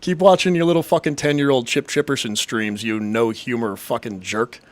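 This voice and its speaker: A young man hosting a casual live stream, ranting and rambling with constant profanity. His voice sits at a middle pitch. The room is dry and close, with no echo. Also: fairly even intonation, moderate pace. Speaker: streamer host.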